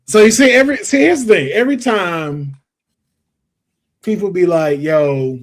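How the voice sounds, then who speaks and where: A man hosting a wrestling podcast, talking in an animated, emphatic, slangy way in casual chat. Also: sits high, moderate pace. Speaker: podcast host.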